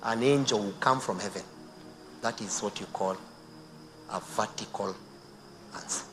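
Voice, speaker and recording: A Kenyan man preaching a sermon to married women, swinging between hushed near-whispers and loud emphatic bursts, mixing Swahili phrases into his English. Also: on the low side, unhurried. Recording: noisy outdoor recording with insects.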